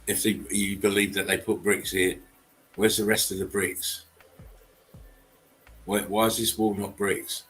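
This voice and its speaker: Low-voiced guy, blunt and sweary, casual stream chat, faint music behind. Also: level tone, unhurried, long pauses, fairly bright tone, poor audio. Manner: blunt, swearing, chuckling often. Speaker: channel host. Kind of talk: casual livestream commentary.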